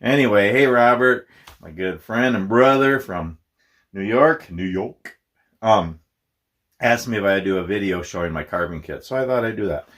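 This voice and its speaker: A man's voice: on the low side, animated, moderate pace, fairly bright tone. A middle-aged man from Minnesota talking in a casual, rambling vlog, self-deprecating and laughing often. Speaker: YouTuber.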